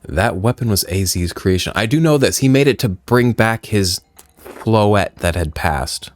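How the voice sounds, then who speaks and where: A man reading out a video game's dialogue in a put-on deep voice, playing a solemn former member of a villain group. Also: lively intonation, unhurried, no echo, soft background music. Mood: grave. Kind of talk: reading game dialogue aloud.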